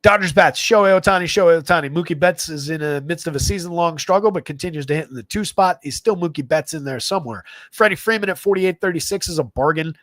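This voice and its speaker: A man hosting a live fantasy baseball stream, rattling through player numbers in a quick, stat-heavy patter broken by uhs and you-knows. His voice sits slightly high for a man. The sound is close and dry, with no room around it. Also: a bit bright, no room sound. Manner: rapid stat-heavy delivery with frequent fillers. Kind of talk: live stream sports stats rundown.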